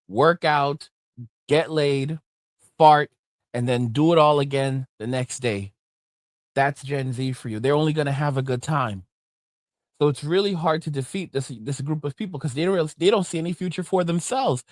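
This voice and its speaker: A man's voice: on the high side, a little slow, pauses often, no room sound, clean studio sound. A man hosting a reaction commentary, ranting in an emphatic, indignant way. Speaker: commentary host.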